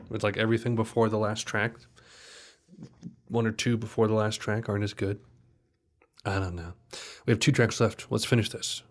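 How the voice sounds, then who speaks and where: A man sits and talks through his reaction to an album in a relaxed, unscripted way. His voice is mid-pitched, and he rambles, often restarting his sentences. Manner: rambling, relaxed, self-correcting. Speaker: music reviewer.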